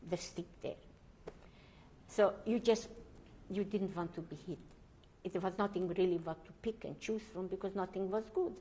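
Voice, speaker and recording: Older woman, English, slow deliberate testimony, halting, hunts for words. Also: mid-range voice, dark tone. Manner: slow, searching for words, pauses and restarts. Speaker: Holocaust survivor interviewee. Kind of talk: oral history testimony.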